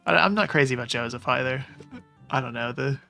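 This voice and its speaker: Casual, jokey game host reading narration over faint music. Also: male voice, medium pitch, fairly quick, gravelly, sharp tone. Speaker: let's play host. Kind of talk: reading a visual novel aloud with commentary.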